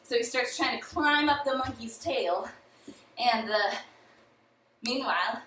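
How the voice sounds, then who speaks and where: A young woman retelling a folk tale in a chatty, lively way, in an echoey room with the mic far off. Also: on the high side, measured pace, slight background noise. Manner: lively, chatty, uses "he's like". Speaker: student storyteller. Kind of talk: casual oral storytelling.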